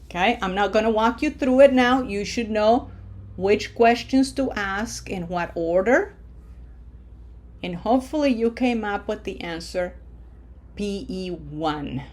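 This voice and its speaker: A woman teaches Spanish word stress at a deliberately unhurried pace. She draws each example word out slowly and coaches the learner with short asides between drills. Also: medium pitch, darkish tone. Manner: slow, drawn-out modeling of Spanish words with coaching asides. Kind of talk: language lesson.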